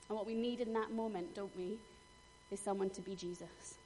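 A woman's voice: medium pitch, steady tone, brisk, warm tone. Middle-aged female preacher, earnest storyteller with emphatic moments; reverberant hall. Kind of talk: sermon. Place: church hall. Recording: long hall reverb, faint noise.

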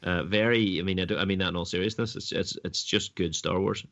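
Earnest low-voiced man on a muffled line. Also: steady tone, brisk, gravelly, fairly bright tone. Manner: earnest, emphatic. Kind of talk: casual comic book review chat.

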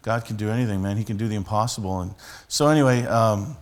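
A man's voice: lowish voice, fast. A man, a street preacher telling a story and teaching in a conversational sermon style with many restarts.

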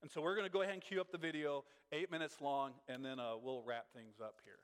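A fairly high-pitched man gives a casual, animated sermon, breaking into laughter and playing out the lines he quotes. His voice rings with a long reverb from a church hall. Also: fast, clear, resonant tone. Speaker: pastor teaching a Bible class. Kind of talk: informal sermon.

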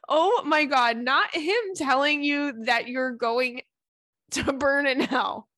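A woman's voice: high voice, a little slow, fairly bright tone, dry recording. A woman hosting a podcast, reading out listener letters and reacting in a chatty, giggly way, often breaking into laughter. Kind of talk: casual chat.

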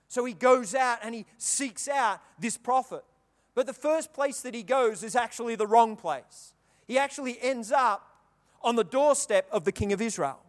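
A man preaching a sermon, telling the story with animated delivery and acting out the characters' lines. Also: very high voice, normal speed. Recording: long reverb of a large hall.

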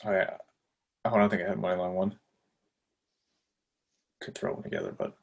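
A man with a low-pitched voice rambles through his betting picks, thinking aloud and hyping up his favorites. His delivery is loose and casual as he wraps up the show. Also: huge pitch swings, brisk, creaky, pauses often, breathy edge. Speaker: podcast co-host. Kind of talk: casual sports betting chat.

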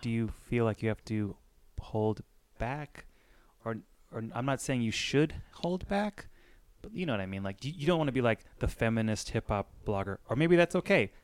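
Hesitant man with a smooth voice. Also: medium pitch, animated. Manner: hesitant, self-conscious, halting. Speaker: podcast guest. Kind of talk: casual chat.

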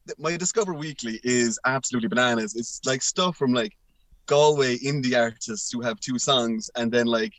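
A man chatting as a podcast guest, jokey and animated, firing off quick opinions. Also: medium pitch, dry recording. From Ireland. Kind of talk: casual chat.

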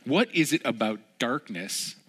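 A young adult man, a pastor, opening a church sermon with a lively personal story and acting out the voices. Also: medium pitch, a little slow, breathy edge. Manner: animated storyteller, acts out voices.

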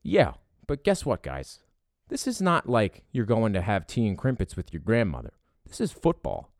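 A man's voice: fairly low pitch, huge pitch swings, moderate pace, darkish tone, no room sound, clean studio sound. A man from Philadelphia with a Philadelphia accent, delivering a profane, heated opinion rant about sports fans.

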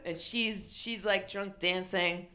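A middle-aged woman comedian telling a funny story, animated and acting out other people with loud exclamations. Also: medium pitch, slow pace. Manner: animated, acts out quotes with shouted exclamations.

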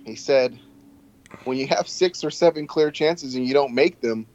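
Measured man, slightly muffled sound. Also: medium pitch, a little mellow, no room sound. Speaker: podcast co-host. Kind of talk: casual football podcast chat.

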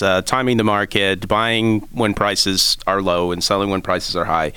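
Low bright-voiced man, hesitant. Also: smooth, dry recording. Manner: hesitant, many uhs and ums. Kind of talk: casual radio talk.

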